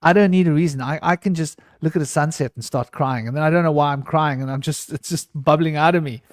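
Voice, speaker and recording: A man sharing his thoughts in a casual round table, his voice sitting somewhat high. He rambles, circles back and restarts his sentences as he goes. The sound is dry and close, with no room around it. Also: fairly even intonation, fairly quick, dry recording. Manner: rambling and emotional, many restarts. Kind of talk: casual group discussion.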